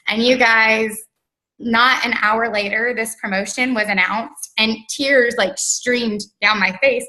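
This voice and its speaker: A woman with a bright, slightly high voice tells her story as an interview guest. She talks in an earnest, casual way, full of "um"s and "like"s. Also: fairly even intonation, slow, low-quality recording. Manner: earnest, filler-heavy, with frequent "like" and "um". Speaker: interview guest, network marketer.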